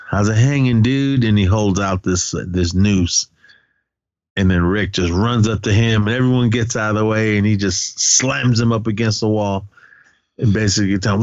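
A man's voice: fairly low pitch, dry recording, lo-fi sound. A man co-hosting a podcast, casually retelling a film's scenes with lots of quoted lines and fillers. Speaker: podcast co-host. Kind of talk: casual movie recap.

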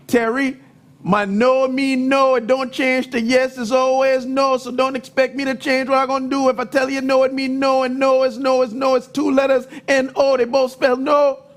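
A woman's voice: high voice, level tone, normal speed, pitched above the performer's own voice, lightly acted. A man voicing his stern mother, who scolds her son and repeats that her no means no.

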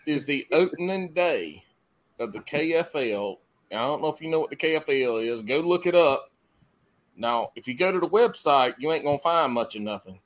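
A man's voice: on the high side, expressive, normal speed. A man hosting a podcast in loose, profane, casual chat. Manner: loose, profane, drawling Southern talk. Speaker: podcast host.

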